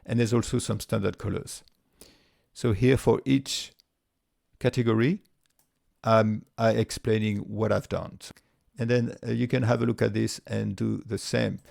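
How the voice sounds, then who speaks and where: A man with a voice walking through a spreadsheet tutorial step by step, relaxed, with frequent fillers and restarts. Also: fairly low pitch, a little slow, gravelly, no room sound, clean studio sound. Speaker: tutorial presenter. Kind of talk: screen-recorded software tutorial.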